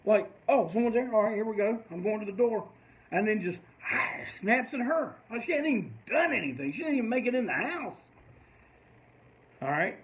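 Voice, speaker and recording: A man's voice: high voice, animated, moderate pace, rough recording. An older man, telling a long rambling story in casual talk and swearing freely. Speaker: host of a live stream.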